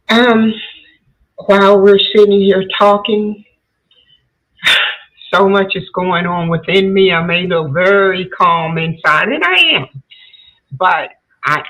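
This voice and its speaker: A woman hosting an interview show, speaking in an earnest, reflective way. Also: sits low. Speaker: host. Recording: tinny phone-like line.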